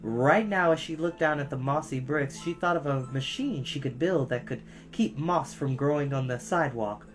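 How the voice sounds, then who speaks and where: A storyteller reading a children's book aloud, pausing to cough and apologize. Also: medium pitch, soft background music. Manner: expressive, with frequent coughs and apologies.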